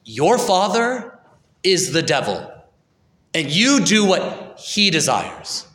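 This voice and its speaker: A man voicing a calm, firm male teacher who speaks slowly and gravely with authority. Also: high-pitched, heavily acted. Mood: solemn. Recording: echoey hall with long reverb.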